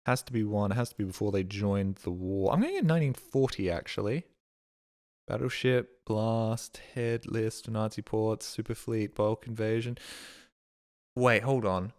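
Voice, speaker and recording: A man's voice: on the low side, moderate pace, darkish tone. A male streamer giving casual gaming commentary, thinking aloud, swearing freely and bragging.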